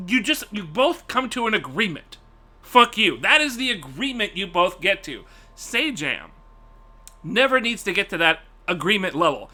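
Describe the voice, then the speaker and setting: A man's voice: sits high, bright, forceful tone. A man streaming live, ranting casually and profanely to his chat, laughing often.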